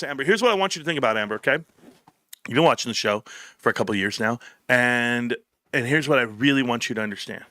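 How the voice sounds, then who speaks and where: Man, live-stream host, bright and sharp tone, dry close sound, joking, laughing, swearing. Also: medium pitch, dry recording. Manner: joking, rambling, swears freely, laughs often; talks straight to chat viewers by name. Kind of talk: casual live-stream chat.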